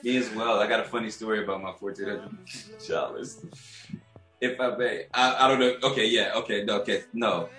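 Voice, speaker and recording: A man co-hosting a podcast, telling a profane story in a casual, animated way and laughing as he goes. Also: on the low side, brisk, echoey room, faint music behind, poor audio. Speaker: podcast co-host.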